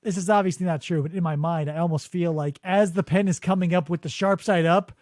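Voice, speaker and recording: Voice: mid-range voice, steady tone, fairly quick, darkish tone, no echo. A podcast host riffing sarcastically in casual comedic chat, breaking into impressions, on a studio microphone.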